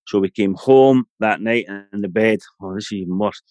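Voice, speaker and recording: A man's voice: on the low side, normal speed, darkish tone, no room sound. A middle-aged Scottish man, a guest on a podcast, telling a long personal story in a rambling, anecdotal way full of "you know". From Scotland.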